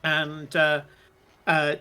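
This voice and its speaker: A man narrating a tabletop game as game master, halting and full of fillers. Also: on the high side, completely flat delivery, pushed and bright, smooth, faint music behind.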